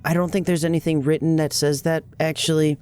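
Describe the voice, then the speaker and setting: A man's voice: on the high side, little pitch movement, a little fast, a little mellow, clean tone, faint music behind. Easygoing man pleading his case as a player. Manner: persuasive, easygoing. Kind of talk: casual in-character chat at a game table.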